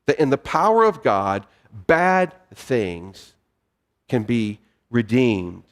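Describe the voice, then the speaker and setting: A man's voice: mid-range voice, big pitch swings. Man preaching in an echoing hall. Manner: measured preaching with deliberate pauses and repetition. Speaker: pastor. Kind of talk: sermon. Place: church sanctuary. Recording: long reverb of a hall.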